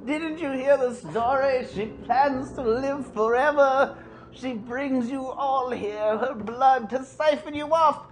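A player in a comedic tabletop game, speaking in a slow, theatrical way. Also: high voice, a little hiss or hum, poor audio. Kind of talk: tabletop role-play.

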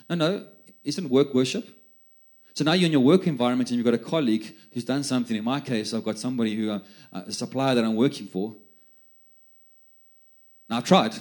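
A man's voice: mid-range voice, brisk, long pauses, a little mellow. Man preaching conversationally. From South Africa. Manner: conversational storytelling with many repeated words. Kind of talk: sermon.

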